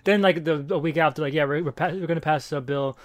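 A sarcastic man ranting in a casual political podcast. He talks extremely fast and throws in profanity. His voice sits a little high. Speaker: podcast co-host.

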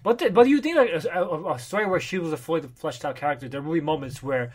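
Fast-talking man, slightly high voice. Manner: quick, jokey recapping. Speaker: podcast co-host. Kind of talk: casual comedic chat.

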